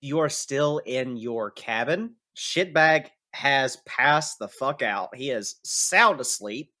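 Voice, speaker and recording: Guy running a tabletop game, talks slow and laid-back, lots of fillers. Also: mid-range voice, lively intonation, sharp tone. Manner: casual, hesitant with fillers. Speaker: game master.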